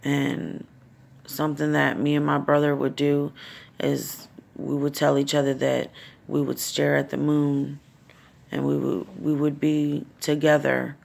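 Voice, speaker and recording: Low-pitched and creaky, with a somewhat dark tone, a middle-aged woman pours out her grief in an emotional vlog. She curses, barely keeps her tears in check, and speaks with raw sincerity.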